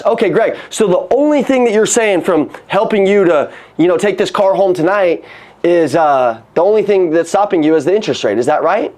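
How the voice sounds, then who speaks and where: A man coaching salespeople on a call, energetic and profane, acting out customer conversations. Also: sits high, normal speed. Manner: energetic, swears, acts out customer dialogue.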